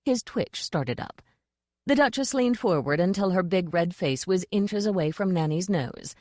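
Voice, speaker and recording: A woman narrating an audiobook in a measured, dry storytelling manner. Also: on the low side, lively intonation, a little mellow, no echo.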